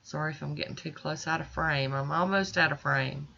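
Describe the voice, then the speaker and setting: A woman's voice: low voice, a little fast, vocal fry, bright, forceful tone, muffled recording, slight background noise. A woman with stuffy, congested sinuses, chatting reassuringly to viewers as she walks through a nail art tutorial at home. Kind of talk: casual step-by-step tutorial narration.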